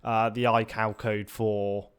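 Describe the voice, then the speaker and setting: A man's voice: on the low side, level tone, takes it slowly, clean tone. A young man co-hosting a casual flight simulator tutorial, explaining matter-of-factly and teasing his friend. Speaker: co-host. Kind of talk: casual screen-recorded tutorial chat.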